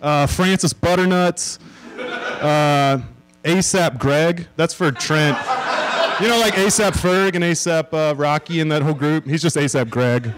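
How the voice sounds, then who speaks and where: A man guesting on a live comedy podcast, reading out jokes in a deadpan, rambling way. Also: a little high, a little slow, a little hiss or hum. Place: live show venue with an audience.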